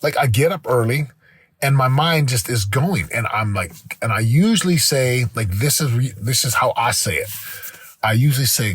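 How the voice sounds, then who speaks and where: A man's voice: mid-range voice, animated, moderate pace, a bit bright, husky, no echo. A man hosting a motivational podcast, telling a personal story in an earnest, rambling way with many restarts. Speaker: podcast host.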